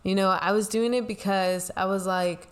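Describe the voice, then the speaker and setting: A woman's voice: medium pitch, steady tone, normal speed, smooth. Young woman, talk-show co-host, casual confessional chat, rambling storyteller. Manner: rambling storytelling with many "like" and "you know" fillers. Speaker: podcast co-host, pastor's kid.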